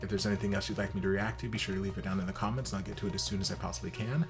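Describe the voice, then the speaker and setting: A young man hosting a reaction video, talking casually with sassy, expressive asides. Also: sits low, very fast, gravelly, over music.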